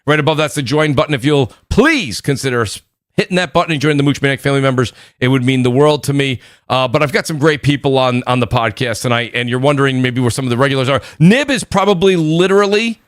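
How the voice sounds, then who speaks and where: Loud NY podcast host, rapid-fire shout-outs, a touch high, dry close-miked sound. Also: male voice, clear, resonant tone, dry recording. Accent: New York. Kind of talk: live gaming podcast chat.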